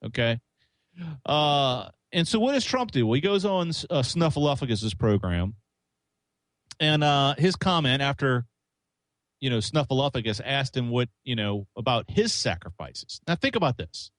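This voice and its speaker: Animated talk-radio man with a lively voice. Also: medium pitch, a little slow, no room sound. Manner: animated, excitable, stumbling restarts. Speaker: radio show co-host. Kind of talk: casual political chat.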